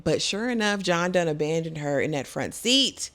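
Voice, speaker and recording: Low-voiced woman recapping TV. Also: lively intonation, normal speed, hardly any pauses, a bit bright. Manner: chatty and emphatic, colloquial. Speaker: vlogger. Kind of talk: casual TV episode recap.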